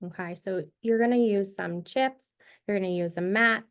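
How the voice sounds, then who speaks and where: A woman presenting a teacher-training session, modeling a reading activity step by step in a clear, instructive way. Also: mid-range voice, moderate pace.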